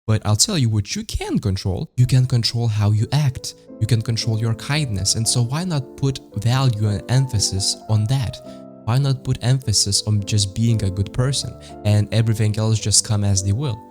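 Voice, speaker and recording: A man's voice: on the low side, normal speed. A man hosting a reflective video essay, arguing his case and asking his listeners rhetorical questions. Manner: argumentative, asks rhetorical questions. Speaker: channel host. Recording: faint music behind.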